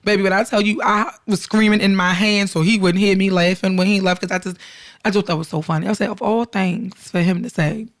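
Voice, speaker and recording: A woman's voice: medium pitch, fast talker. A middle-aged woman, co-hosting a podcast and telling family stories in casual chat, acting out dialogue and laughing often. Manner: animated storyteller, acts out dialogue, laughs often. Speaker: podcast co-host.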